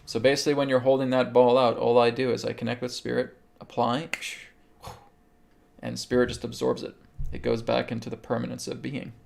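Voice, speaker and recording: A man hosting a live show, calmly guiding a healing meditation and answering viewers' questions, often checking in with "okay". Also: mid-range voice, fairly quick, vocal fry. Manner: calm, instructive, repeats okay. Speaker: host and spiritual healer.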